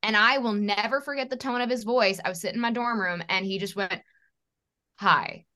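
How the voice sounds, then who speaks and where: A woman's voice: mid-range voice, fairly even intonation, fast talker, pushed and bright. A woman in her thirties, a stand-up comedian, telling her own story casually in an interview, acting out the people in it and swearing freely.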